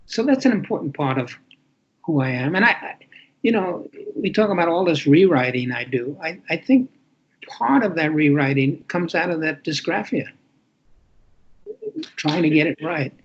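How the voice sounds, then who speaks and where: A man's voice: a little high, lively intonation, moderate pace. An older man, a guest author, telling reflective stories in a podcast interview and often restarting his sentences. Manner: reflective storytelling with frequent restarts. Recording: dull lo-fi sound.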